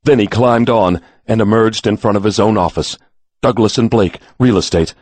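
A man reading a short story aloud in a measured, dramatic storytelling manner. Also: on the low side, darkish tone, dry recording. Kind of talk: audiobook narration.

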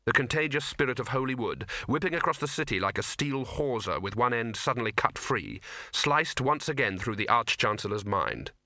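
Bright-voiced man narrating a comic novel. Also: mid-range voice, animated, moderate pace, no echo. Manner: dry comic storytelling. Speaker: audiobook narrator. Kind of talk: scripted narration.

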